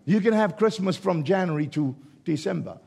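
A man delivers a sermon with a husky, gravelly voice sitting a bit above the usual male range. His delivery swings from hushed, stretched-out lines to sudden loud shouts. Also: high voice, animated, normal speed. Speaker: preacher.

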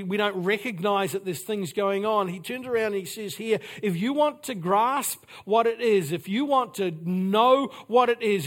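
A man preaching a sermon, repeating phrases for emphasis and dropping suddenly to a quiet voice. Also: sits high. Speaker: pastor.

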